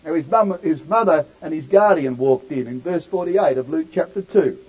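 A male preacher delivering a sermon, swinging from loud declaiming to near-hushed asides. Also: a little high, normal speed, husky. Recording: dull lo-fi recording.

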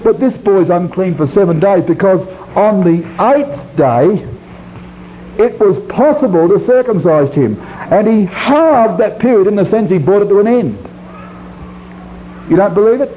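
Man, preacher, sermon, high lively voice, emphatic, dull lo-fi recording. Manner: emphatic, swings from loud high stresses to low quiet drops, drawn-out scripture reading. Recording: dull lo-fi recording with faint hiss.

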